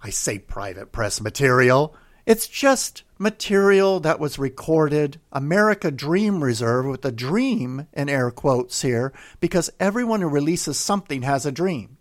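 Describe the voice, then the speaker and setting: Upbeat radio DJ man, slightly high voice. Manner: enthusiastic, rambling record-collector talk. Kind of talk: casual radio music commentary.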